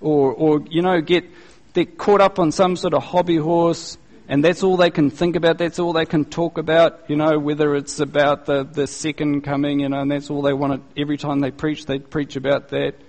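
Animated male pastor in an echoey hall. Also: fairly high pitch, normal speed. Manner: conversational, animated, acts out people he quotes; casual slang. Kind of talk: sermon. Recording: long reverb, echoey hall.

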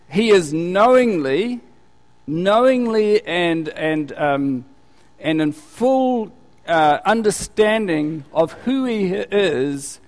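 A male pastor preaching a sermon conversationally, full of rhetorical questions and repeated words. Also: high-pitched. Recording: long hall reverb.

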